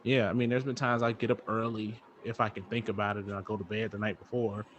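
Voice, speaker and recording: A man's voice: on the low side, little pitch movement, fast, muffled recording, slight background noise. A man co-hosting a podcast, talking in a laid-back, rambling way with lots of fillers, recorded outdoors on a back patio at night. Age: young adult to middle-aged father. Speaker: podcast co-host. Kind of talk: casual chat.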